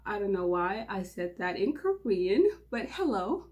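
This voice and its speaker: A woman's voice: medium pitch, sing-song, a little slow, a little mellow. A young woman from Mauritania hosting her own channel, talking in a nervous, giggly, rambling way with frequent restarts. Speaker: channel host. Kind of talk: casual nervous vlog intro.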